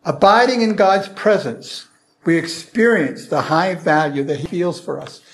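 A man's voice: fairly high pitch, measured pace. A man giving an earnest, prayerful sermon-style teaching, asking rhetorical questions. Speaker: Christian teacher.

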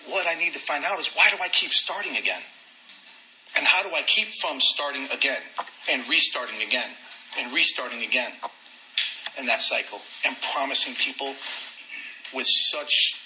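A man candidly telling his own recovery story, animated and self-deprecating. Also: medium pitch, moderate pace, slight background noise, poor audio. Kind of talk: personal testimony talk.

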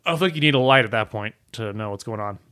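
A man's voice: on the low side, lively intonation, quick pace, bright, forceful tone, clear, resonant tone, no room sound, clean studio sound. A young man co-hosting a podcast, joking around, swearing freely and reading news items aloud. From southern Minnesota. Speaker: podcast co-host. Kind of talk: casual chat.

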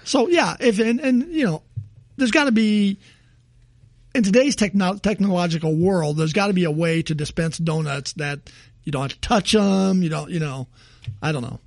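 High, gravelly man chatting casually. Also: moderate pace, no echo, clean studio sound. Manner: rambling, laughs often. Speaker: podcast co-host. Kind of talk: casual chat.

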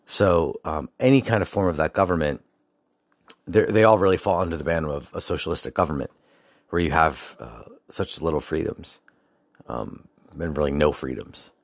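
Deep-voiced man rambling casually. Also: moderate pace, vocal fry, no room sound, studio quality. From United States. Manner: rambling, with many fillers and digressions. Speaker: speaker recounting a personal story. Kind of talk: casual storytelling monologue.

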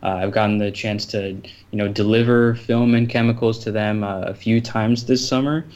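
A man co-hosting a casual podcast, easygoing and halting, often repeating words. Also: lowish voice, fairly even intonation, darkish tone, lo-fi sound. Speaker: podcast co-host.

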